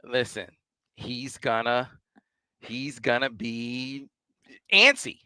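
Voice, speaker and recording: A man's voice: mid-range voice, steady tone, slow pace, sharp tone, smooth, dry recording. A man hosting a sports podcast, asking conversational, leading questions about the game. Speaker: podcast host. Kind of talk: interview questions.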